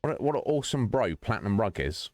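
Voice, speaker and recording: A man's voice: fairly low pitch, sing-song, fast, darkish tone, no room sound, faint music behind. A man streaming and chatting casually with his viewers, rambling, joking and laughing often.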